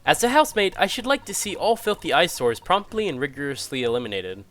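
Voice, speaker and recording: A man's voice: a little high, sing-song, fast, a bit bright, soft background music. A man voicing a prim, fussy female housemaid serving on a jury.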